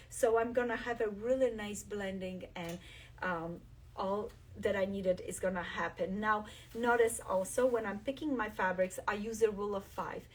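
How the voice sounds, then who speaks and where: Enthusiastic quilting host, a bit off-mic. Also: female voice, mid-range voice, distant mic. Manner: enthusiastic, shows fabrics while talking. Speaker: quilt designer hosting a live stream. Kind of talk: live craft demonstration.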